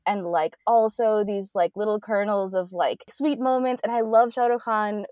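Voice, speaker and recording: A woman's voice: medium pitch, moderate pace, darkish tone, dry recording. A woman in her twenties, a podcast guest chatting casually, laughing often and filling her talk with "like". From United States. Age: 20s. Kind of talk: casual chat.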